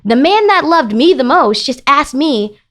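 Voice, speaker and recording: A woman guest on a podcast, telling a personal story in casual conversation with emphatic, animated delivery. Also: sits high, measured pace. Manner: emphatic, animated, rising into heated retelling. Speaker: podcast guest, business founder.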